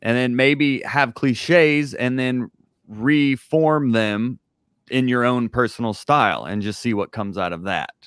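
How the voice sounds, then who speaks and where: A man hosting a casual interview, speaking candidly as a working comedian who thinks out loud and leans on fillers. His voice has a medium pitch, and the sound is dry and close-miked. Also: measured pace, clean tone, no echo. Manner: reflective, candid, with frequent fillers. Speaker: host, comedian.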